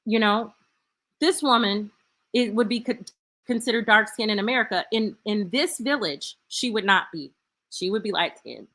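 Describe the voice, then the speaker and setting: A woman's voice: mid-range voice, moderate pace, bright, forceful tone. A woman hosting a live stream, talking casually and playfully to her viewers and thinking aloud as she goes.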